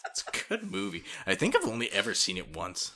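A man's voice: fairly low pitch, huge pitch swings, fairly quick, pushed and bright. A young man co-hosting a podcast, chatting casually in a laid-back way with dry asides. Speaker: podcast co-host. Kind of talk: casual chat.

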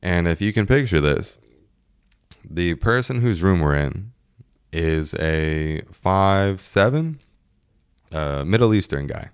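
Deep-voiced young man telling a story. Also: animated, slow, pauses often, smooth, no echo, studio quality. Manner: laughs often while telling, acts out quoted friends. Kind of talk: casual storytelling monologue.

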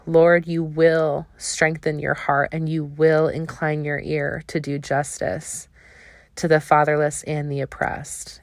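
Young woman, podcast host, low gravelly voice, earnest reflective monologue, dry close sound. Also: flat delivery, a little slow, no echo. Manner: earnest, searching, with fillers like "like" and "um".

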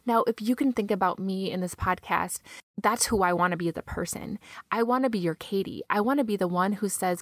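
A woman's voice: medium pitch, fairly quick, dry recording, studio quality. A woman hosting a podcast, talking straight to her listeners in an earnest, encouraging monologue. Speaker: podcast host.

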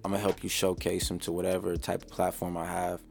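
A man's voice: deep voice, monotone, quick pace, gravelly, soft background music. A young adult man hosting his own podcast, telling a story in a casual, profane, slang-heavy ramble. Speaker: podcast host. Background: faint background beat.

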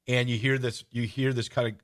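A podcast host tells a story with real enthusiasm in a casual chat, rambling, restarting often and getting excited. His voice is medium in pitch and a little fast.

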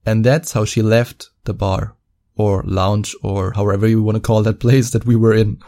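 A man's voice: on the low side, level tone, moderate pace, warm tone. A man working as a dating coach, telling a story to camera in a mocking, profane way and stretching out words for emphasis.

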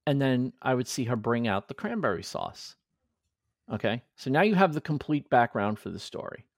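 Forties guy hosting a podcast, animated storyteller doing the voices, bouncy delivery, close dry mic. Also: medium pitch, normal speed, no room sound. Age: 40s. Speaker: podcast host. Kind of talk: casual chat.

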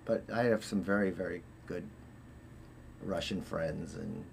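A man's voice: low-pitched, fairly even intonation, a little slow, vocal fry. Man, Boston accent, interview guest, rambling anecdotes, fillers, faint background hiss. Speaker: guest, former Olympic figure skater. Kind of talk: casual interview storytelling.

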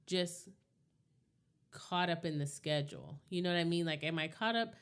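Woman, low voice, smooth clear tone, casual reflective chat, candid co-host. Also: normal speed. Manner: candid, reflective, often asks "you know what I mean". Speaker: podcast co-host.

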